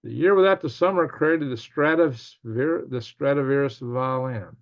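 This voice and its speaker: A man's voice: medium pitch, normal speed, lo-fi sound. A man hosting a casual livestream, reading viewer comments aloud and answering them in a rambling, thinking-aloud way. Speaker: livestream news host.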